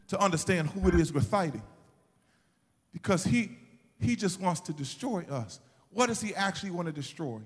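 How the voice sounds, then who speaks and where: A man preaching a sermon, telling a story and building to shouted, sing-song peaks. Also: sits high. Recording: long hall reverb, faint music behind.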